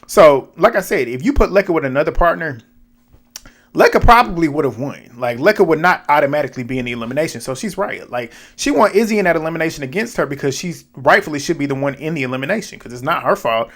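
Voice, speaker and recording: A man's voice: fairly high pitch, lively intonation, fast, fairly bright tone. A man giving a casual, slangy recap of a reality show, retelling scenes in an amused way.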